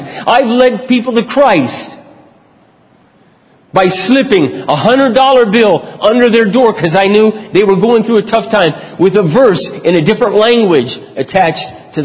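A man preaching a sermon, telling personal stories with earnest, lively delivery. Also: big-room sound, rough recording. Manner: storytelling, earnest, lively swings in pitch. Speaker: pastor.

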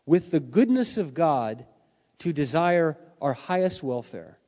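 A middle-aged man preaches in a slightly high voice that is going hoarse. He talks earnestly, dropping to quiet confessions, then building to loud, emphatic peaks. The sound is muffled, with a long reverb from a large hall. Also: sing-song, unhurried. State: losing his voice. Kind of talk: sermon.

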